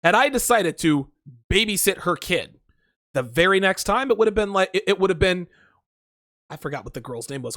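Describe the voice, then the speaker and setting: A man delivering a crude, profane dating advice monologue on his own stream. His voice sits high and swings widely in pitch as he rambles and hammers points through repetition. The sound is dry and close, with no room around it. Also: sing-song, moderate pace, fairly bright tone, no room sound. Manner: emphatic, repeats himself. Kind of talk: solo livestream monologue.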